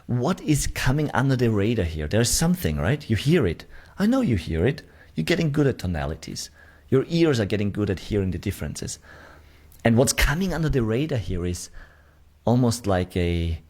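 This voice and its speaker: A man's voice: medium pitch, big pitch swings, a little fast, a little mellow. A man teaching a sales course, demonstrating question tonalities and checking in often with the learner. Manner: talks straight to the learner, checking with "right?". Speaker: sales trainer. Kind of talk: online course lesson.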